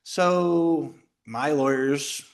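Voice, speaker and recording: A middle-aged man speaking at a men's retreat, telling a personal story in a jokey, animated way and acting out the voices of others. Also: on the high side, drawn-out words. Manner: animated, jokey, acts out quoted voices and shouts. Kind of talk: lively storytelling talk. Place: retreat house talk before a live audience.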